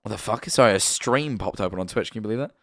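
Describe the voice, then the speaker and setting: A man's voice: lowish voice, fast, music in the background. A young man with a British accent, chatting casually on a live stream and often correcting himself as he rambles. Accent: British English.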